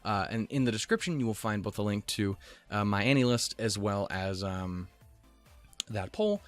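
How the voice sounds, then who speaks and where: A man's voice: on the low side, normal speed, soft background music. A young man hosting an anime reaction channel, rambling casually, swearing often and laughing at himself, a little out of breath. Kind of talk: casual chat.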